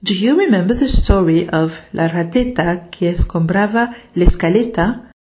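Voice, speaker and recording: A woman narrating a children's story in a gentle, unhurried reading manner. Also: on the low side, lively intonation, slight background noise.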